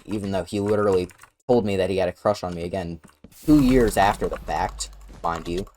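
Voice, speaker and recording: Man, very low voice, casual storytelling, sweary and sarcastic, faint background noise. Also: brisk, a little mellow. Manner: profane, blunt, sarcastic storytelling. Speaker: storyteller recounting a personal experience.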